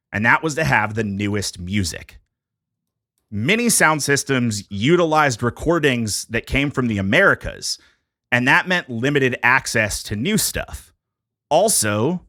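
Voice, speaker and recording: Man host, bright tone, dry close sound, casual jokey read of history notes. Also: medium pitch, dry recording. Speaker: podcast host presenting a history topic. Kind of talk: casual podcast chat, reading prepared notes.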